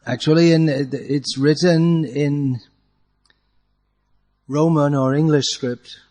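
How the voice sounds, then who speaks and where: A man leads a class in chanting Sanskrit verse. He patiently corrects each mistake and chants the lines slowly as a model. His voice sits a little on the high side. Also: fairly even intonation, dark tone, long reverb tail.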